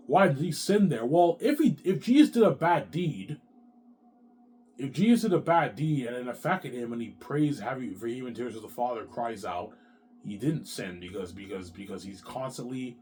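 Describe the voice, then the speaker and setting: A man's voice: mid-range voice, darkish tone, slight background noise. A man ranting in a rambling solo vlog, profane and repetitive. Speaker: vlogger.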